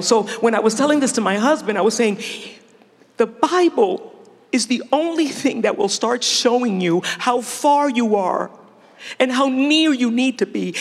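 A middle-aged woman preaching a sermon in a lively, playful way, laughing often between her points. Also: high voice. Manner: animated, laughing, playful asides. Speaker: speaker. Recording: long hall reverb.

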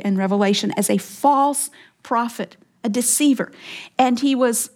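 A woman delivering a Bible teaching, emphatic and earnest, sometimes dropping to a hushed whisper for weight. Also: a little high.

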